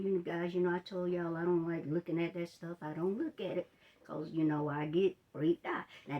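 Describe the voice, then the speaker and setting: A woman telling a personal story in a storytime vlog, chatting straight to her viewers and retelling it with drama. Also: medium pitch. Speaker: life coach.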